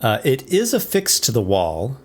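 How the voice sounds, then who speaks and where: A man acting as game master, describing a dungeon room in a relaxed, descriptive way with frequent small restarts. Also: medium pitch, normal speed. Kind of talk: narrating a tabletop game.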